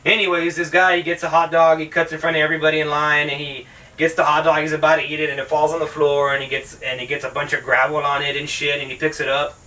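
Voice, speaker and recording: A man's voice: on the high side, flat delivery, quick pace, sharp tone, far from the mic, rough recording. A man hosting his own channel, ranting through a sarcastic, profanity-heavy casual movie review. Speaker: film reviewer, channel host.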